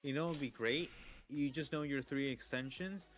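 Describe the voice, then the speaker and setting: A man's voice: mid-range voice, moderate pace. A man joining a stream by voice call for casual, joking chat, swearing offhandedly and drawing out his remarks.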